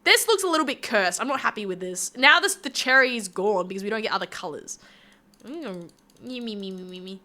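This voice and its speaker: A woman's voice: mid-range voice, lively intonation, fairly quick, sharp tone. A young woman VTuber chatting playfully with her stream chat while she draws. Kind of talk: casual live-stream chat.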